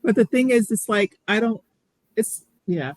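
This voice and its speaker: A woman's voice: fairly high pitch, lively intonation, measured pace, dry recording, poor audio. A middle-aged woman, a guest on an interview show, speaking earnestly and reflectively, often restarting her sentences. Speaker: guest sharing her story. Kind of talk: candid interview.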